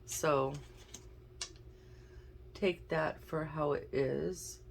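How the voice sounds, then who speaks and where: A woman's voice: deep voice, steady tone, extremely slow, creaky, a little hiss or hum. Chatty woman giving a card reading. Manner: chatty, thinks aloud while drawing cards. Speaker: intuitive card reader. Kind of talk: casual tarot and oracle card reading.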